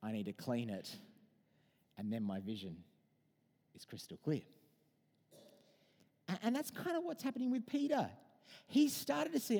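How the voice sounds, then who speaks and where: A man in his thirties preaching a sermon in a conversational, animated way, mixing in personal stories. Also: sits high, a little slow, gravelly, pauses often, long reverb tail. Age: 30s.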